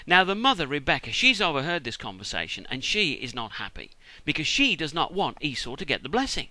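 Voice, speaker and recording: A man's voice: a little high, sing-song, a little fast, hardly any pauses, pushed and bright, dry recording, rough recording. A British man retelling a Bible story as a comedy, irreverent, chatty and full of swearing.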